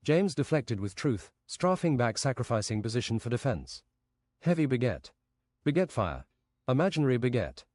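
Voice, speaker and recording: A man's voice: medium pitch, big pitch swings, normal speed, a little mellow, no room sound. A man streaming a game while improvising a rambling, absurd fantasy story.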